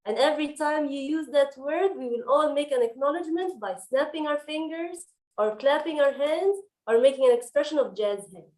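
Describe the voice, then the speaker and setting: A woman's voice: high voice, moderate pace, darkish tone, echoey room. A woman encouraging members at a club meeting.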